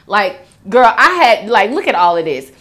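A woman's voice: medium pitch, sing-song, normal speed, fairly bright tone. A young woman hosting a food vlog, chatting casually to viewers and calling them girl and y'all. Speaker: mukbang host. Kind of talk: casual chat reading viewer comments.

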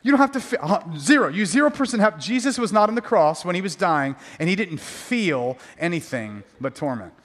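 A male pastor delivers a sermon in a fairly high voice, hammering points through repetition and breaking in with jokey asides. His voice rings out with a long reverb trailing through the church hall. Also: very animated, brisk, hardly any pauses, fairly bright tone.

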